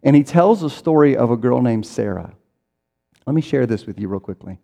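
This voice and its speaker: A man's voice: medium pitch, lively intonation, brisk, vocal fry, warm tone. A man preaching a sermon in a conversational way, acting out people's inner voices as he goes. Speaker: pastor. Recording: reverberant hall.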